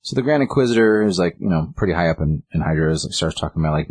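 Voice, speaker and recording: A man's voice: deep voice, expressive, racing, few pauses, darkish tone, husky, no room sound. A man casually recapping a comic book story on a podcast, rambling with lots of fillers and restarts. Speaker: podcast co-host.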